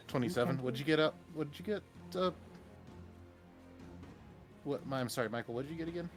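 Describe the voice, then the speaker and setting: A man's voice: a little high, a little fast, soft background music. Laughing, hesitant game master man. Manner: laughs often, hesitant fillers and restarts. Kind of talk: running a tabletop game.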